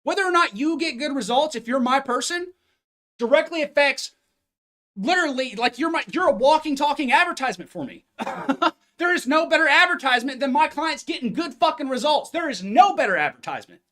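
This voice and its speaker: A man's voice: extremely high pitch, animated, fairly quick, sharp tone. A man, a fitness coach, giving a blunt, intense live-stream pep talk full of cursing, speaking into a phone.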